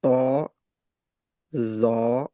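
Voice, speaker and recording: A woman's voice: extremely low pitch, fairly even intonation, very slow, dark tone, no echo, clean studio sound. A woman student answering her teacher in short replies, naming letters.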